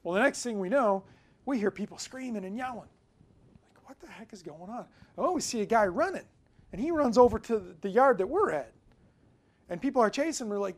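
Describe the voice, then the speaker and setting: A man preaching a sermon in a casual, conversational way, telling a personal story and swinging between loud emphasis and quiet asides. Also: high voice, expressive, fairly quick. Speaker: pastor.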